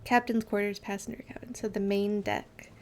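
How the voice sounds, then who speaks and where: A woman's voice: medium pitch, very animated, normal speed, darkish tone. A woman streaming a game live, reading out in-game text and telling rambling stories full of fillers. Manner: rambling, filler-heavy storytelling. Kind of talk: casual live game commentary.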